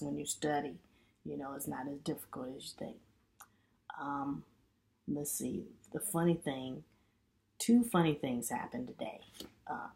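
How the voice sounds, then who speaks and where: Low-voiced woman telling a chatty story. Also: vocal fry. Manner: chatty, animated retelling with lots of "you know". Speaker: student vlogger. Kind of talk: casual storytelling vlog.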